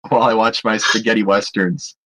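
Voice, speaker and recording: A man's voice: lowish voice, flat delivery, brisk, sharp tone. A man co-hosting a movie podcast, squeamish and exasperated as he complains through comic banter. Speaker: podcast co-host.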